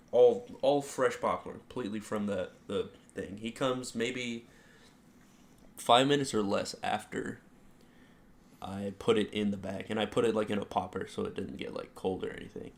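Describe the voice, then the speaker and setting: Young male co-host, low-ish voice, casual chatty storyteller who acts out his quotes. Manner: animated retelling, heavy use of "like", acts out quotes. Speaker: podcast co-host.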